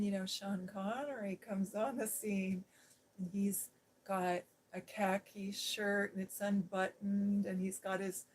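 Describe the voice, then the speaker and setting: A middle-aged woman recounting a memory in a soft, hushed storytelling voice. She slips now and then into near-whispers. There is a faint hiss in the background. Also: medium pitch, low-quality recording. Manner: gentle, hushed, drifting into whispers. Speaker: ASMR host.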